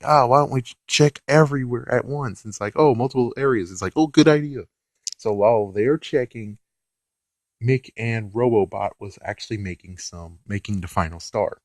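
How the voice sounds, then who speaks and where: A man's voice: fairly low pitch, darkish tone, no echo. A man casually recapping a TV episode, rambling and exasperated, swearing now and then. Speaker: reviewer.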